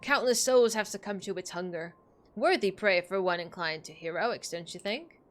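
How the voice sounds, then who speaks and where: A woman voicing a sly, menacing older woman who leads a gang, reading game dialogue aloud with silky, drawn-out threats over faint game music. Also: mid-range voice, lightly acted.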